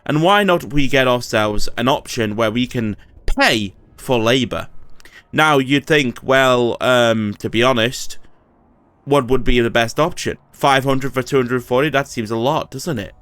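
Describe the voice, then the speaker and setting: A man's voice: medium pitch, measured pace, fairly bright tone, smooth, no room sound. A man giving casual, swearing commentary over his strategy game and talking back at the computer players. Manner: swears, talks to enemy AI lords in frustration. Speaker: gaming YouTuber.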